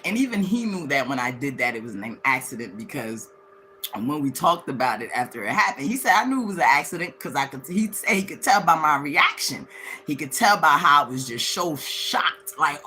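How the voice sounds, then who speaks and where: Animated woman telling a story, bright voice. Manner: animated, swings into high acted-out quotes of others; candid, slangy, laughs as she talks. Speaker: livestream host. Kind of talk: casual storytelling to viewers.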